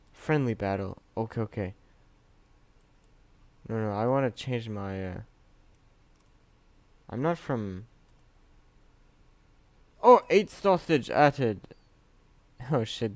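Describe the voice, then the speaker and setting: A young man from Canada chatting casually over his gameplay, swearing often and swinging between mumbled asides and loud outbursts. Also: fairly low pitch, expressive, slow, long pauses, no room sound. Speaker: gaming youtuber.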